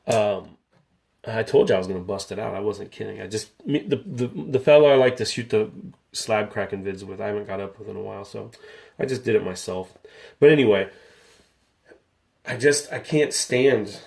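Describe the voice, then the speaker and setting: A man's voice: on the low side, normal speed, creaky, darkish tone. A man in his thirties, a comic book collector hosting a casual vlog, talking candidly in a rambling way and getting riled up. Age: 30s.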